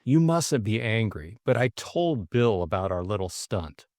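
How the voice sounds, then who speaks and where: A man's voice: fairly low pitch, big pitch swings, measured pace, a little mellow, no room sound, studio quality. A man voicing a breezy, chummy young upper-class Englishman in an audiobook drama, talking in a chatty, confiding way. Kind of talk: audiobook character voice.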